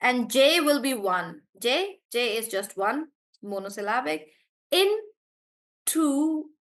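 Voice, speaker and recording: Lady teacher on a video call, slightly high voice, cheers students on, drags out syllables slow. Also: lively intonation, a bit bright. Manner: encouraging, draws out syllables slowly when modeling words. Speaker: English pronunciation teacher. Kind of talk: live online class.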